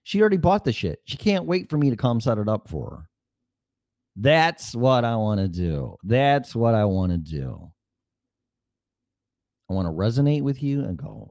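A man's voice: mid-range voice, very animated, normal speed, vocal fry, pauses often, a little mellow, no echo, studio quality. A middle-aged man hosting his own podcast alone, talking in a rambling, casual and profane way. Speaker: podcast host. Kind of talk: solo podcast monologue. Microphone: studio mic with mixer.

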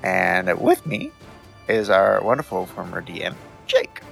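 Playful man host with a gravelly voice. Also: low-pitched, wildly swooping pitch, a little slow, fairly bright tone, faint music behind. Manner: playful, jokey, lots of laughing asides. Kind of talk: casual podcast chat.

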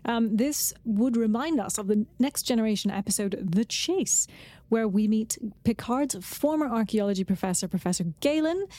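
A woman's voice: a little high, lively intonation, normal speed, dark tone, dry recording. A woman co-hosting a podcast in casual chat, giving informative recaps with brief fillers. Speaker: podcast co-host.

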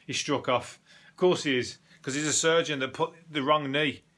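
A man hosting a podcast, rambling bluntly with plenty of swearing and quick laughs. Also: fairly high pitch, fairly bright tone. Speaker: podcast host. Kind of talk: casual comedic monologue.

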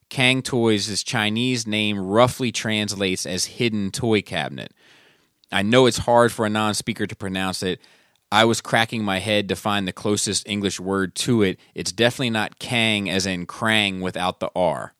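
A man's voice: lowish voice, measured pace, fairly bright tone, clear, resonant tone, dry recording, studio quality. A man co-hosting a podcast, reading listener messages in a casual, laid-back way and swearing freely. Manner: laid-back, profane, laughs at his own stories.

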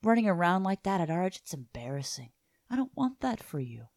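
A podcast host voicing a quiet male crime boss who threatens in a soft, low voice, read aloud from a comic during a casual chat. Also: big pitch swings, fairly quick, gravelly, no room sound, clean studio sound. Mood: quietly menacing.

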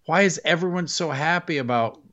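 A man's voice: fairly high pitch, brisk, fairly bright tone. A man co-hosting a casual wrestling podcast, wry and exasperated, often sighing. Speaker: podcast co-host. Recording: dull lo-fi mic.

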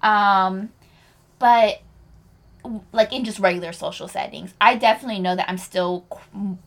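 A woman's voice: medium pitch, steady tone, moderate pace, fairly bright tone. A woman co-hosting a podcast in casual chat, telling stories animatedly, acting out quotes and laughing often. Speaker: podcast co-host.

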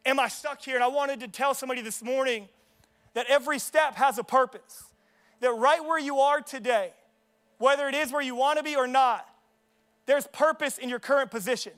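A man's voice: very high voice, moderate pace, a bit bright, clear, resonant tone. A young man preaching a sermon in a casual, joking way, telling stories from his own life at a church service. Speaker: pastor. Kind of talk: sermon with personal storytelling.

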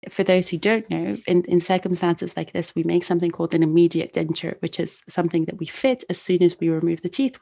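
A woman's voice: lowish voice, creaky, darkish tone. A woman with dental training chatting casually and telling anecdotes from her clinic years. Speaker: dentist. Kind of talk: casual storytelling chat.

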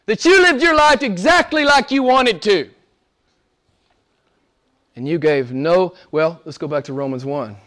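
A middle-aged man, a pastor preaching a sermon, swinging from loud emphatic lines to soft low asides. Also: measured pace, long pauses.

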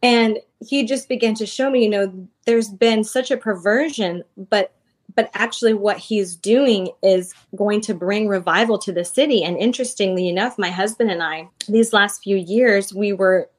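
A woman's voice: medium pitch, normal speed. A woman in her thirties, a podcast guest, telling a personal faith story in casual, earnest talk full of fillers. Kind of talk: casual testimony.

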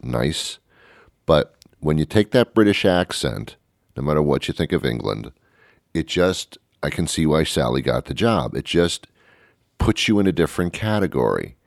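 A man's voice: very deep voice, lively intonation, moderate pace, creaky, dry recording, clean studio sound. An older man hosting a radio show, rambling through a story with stumbling restarts and repeated words. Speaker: radio host. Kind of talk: radio talk monologue.

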